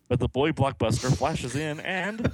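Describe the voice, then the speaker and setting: Male podcast host; animated delivery, camps up comic lines. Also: mid-range voice, a little slow, breathy edge, dry recording, poor audio. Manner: hammy, puts on big voices for comic characters. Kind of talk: casual chat with dramatic comic reading.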